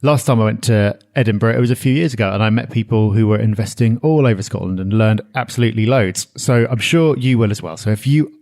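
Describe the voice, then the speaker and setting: A man's voice: on the low side, quick pace, few pauses, a little mellow. A man co-hosting a property podcast, chatting casually and enthusiastically with frequent fillers. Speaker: podcast co-host. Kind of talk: casual chat.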